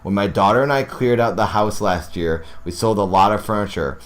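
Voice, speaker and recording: A man narrating ghost stories aloud who keeps stopping to react excitedly and ramble to his listeners before going back to the text. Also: fairly low pitch, brisk. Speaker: horror story narrator.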